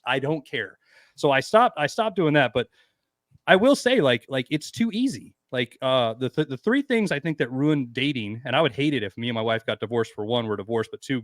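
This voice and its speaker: A man's voice: mid-range voice, dry recording. A middle-aged man on a podcast, telling crude stories in casual chat and acting out the voices of the people in them. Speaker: podcast guest.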